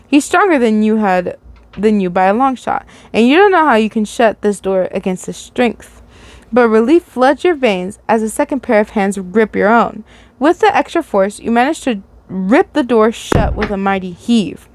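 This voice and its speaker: A woman's voice: a little high, animated, moderate pace, no room sound. Woman casually reading fan fiction aloud. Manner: stumbles and restarts while reading. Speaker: fanfiction reader.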